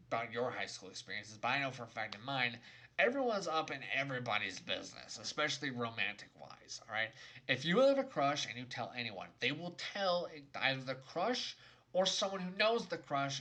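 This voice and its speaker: A man's voice: medium pitch, sing-song, moderate pace, bright, forceful tone. A young adult man giving an exasperated, sarcastic, emphatic rant in a video game review.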